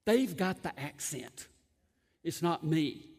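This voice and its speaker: High-voiced Southern preacher, folksy and joking. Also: male voice, lively intonation, takes it slowly, a little mellow, husky. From Southern United States. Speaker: pastor. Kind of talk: sermon. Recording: long hall reverb.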